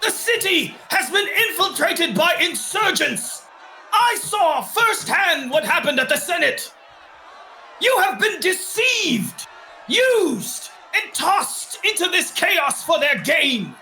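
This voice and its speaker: Man voicing a bellowing authoritarian noble officer, bright and tense, echoey room. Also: very high-pitched, lively intonation, normal speed, slight background noise, exaggerated voice. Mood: commanding. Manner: commanding, shouting proclamations. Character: stern male noble commander, authoritarian.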